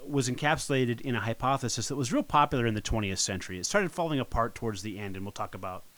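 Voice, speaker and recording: A man explains scripture history on a podcast in a relaxed, conversational voice. His pitch sits in the middle range, and he often backtracks and restarts his phrases as he thinks aloud. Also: quick pace. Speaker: podcast co-host. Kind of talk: casual Bible-teaching podcast chat.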